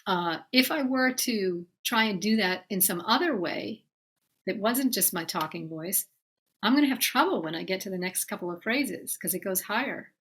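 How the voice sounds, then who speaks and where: A woman teaching singing in a calm, explanatory way, addressing her students directly. Her speaking voice sits at an ordinary middle pitch. She breaks off here and there to sing short demonstrations. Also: normal speed, breathy edge.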